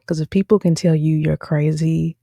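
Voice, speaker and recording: Sitting low and creaky at a normal speed, the woman's voice comes through a dry recording. She hosts a chatty show review, speaking directly to viewers as "y'all," animated and full of "um" and "okay?"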